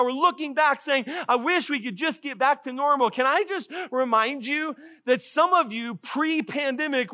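A middle-aged male pastor preaching a sermon, animated, acting out quotes and laughing often. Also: extremely high pitch.

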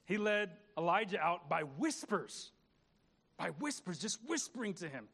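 A man's voice: high-pitched, sing-song, a little slow, vocal fry, fairly bright tone. A man pastor preaching a conversational sermon, repeating words and asking the congregation questions.

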